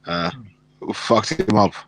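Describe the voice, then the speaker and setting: Teasing man with a low voice. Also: slow, a bit bright. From Caribbean. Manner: teasing, repeats himself for effect. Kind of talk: casual comedic banter.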